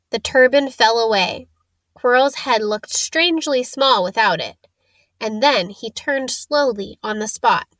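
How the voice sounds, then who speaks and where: Slow, dramatic woman storyteller. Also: a little high, a bit bright, no room sound, poor audio. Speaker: audiobook narrator. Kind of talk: storybook narration.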